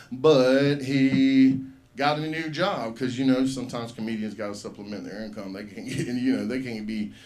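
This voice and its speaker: A man's voice: medium pitch, darkish tone. A man hosting an open mic, rambling through a profane story and acting out the voices in it. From US South. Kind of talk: stand-up storytelling. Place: comedy club stage.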